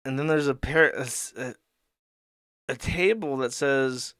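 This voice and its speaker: A man's voice: mid-range voice, steady tone, unhurried, long pauses, fairly bright tone, clear, resonant tone, dry recording, clean studio sound. A man hosting a show, rambling through crude, sardonic commentary while reading a comic aloud. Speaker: host.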